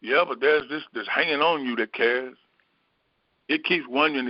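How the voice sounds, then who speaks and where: A middle-aged man giving a reflective metaphysical Bible teaching, unhurried and repetitive, musing aloud. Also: mid-range voice, no echo. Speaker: spiritual teacher. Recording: dull, dry lo-fi recording.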